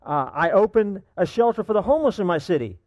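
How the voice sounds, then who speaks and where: A man's voice: high-pitched, big pitch swings, fast talker, darkish tone, no echo. A man voicing an eager older man who stammers as he lists his good deeds to get into heaven. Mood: pleading. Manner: anxious, stammering, listing his merits.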